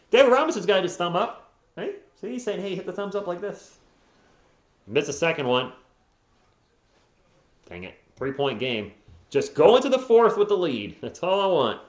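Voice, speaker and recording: Partisan fan calling a game, echoey lo-fi mic. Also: male voice, a little high. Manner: partisan, bursts into frustrated yelling at players. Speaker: fan play-by-play streamer. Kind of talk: live play-by-play commentary. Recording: echoey, dull lo-fi home mic.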